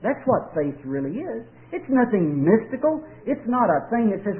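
A man preaching a sermon, telling folksy stories and drawing out key words with emphatic pauses. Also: high-pitched, very animated. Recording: tinny old radio broadcast.

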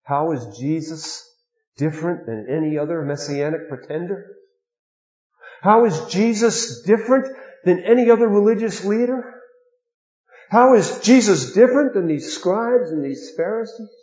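Earnest preacher with a higher voice, echoey. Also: male voice, a little slow, muffled recording. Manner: earnest, with sudden swings between hushed and emphatic. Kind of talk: sermon.

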